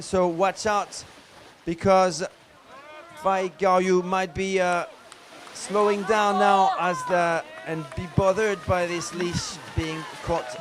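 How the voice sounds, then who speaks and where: A man with a notably high voice calls a paddleboard race live. He talks in an excited way and pauses on many fillers. Faint background noise sits under his voice. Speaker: race commentator. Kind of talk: live sports commentary.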